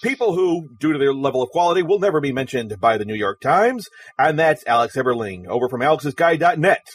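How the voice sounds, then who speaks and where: A man's voice: a little high, very animated, brisk, breathy edge. Dry, sarcastic podcast host man. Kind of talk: webcomics news podcast discussion.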